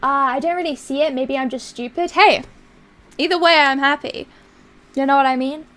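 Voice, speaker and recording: A woman's voice: high-pitched, moderate pace, fairly bright tone. A young woman streamer with a put-on British accent, chatting casually, crude and rambling as she reads viewer messages. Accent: put-on basic British accent.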